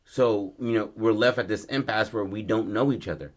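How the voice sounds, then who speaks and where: Low-voiced man telling a story casually. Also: fairly even intonation, moderate pace. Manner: laid-back, profane, acts out lines in his story. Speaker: podcast co-host.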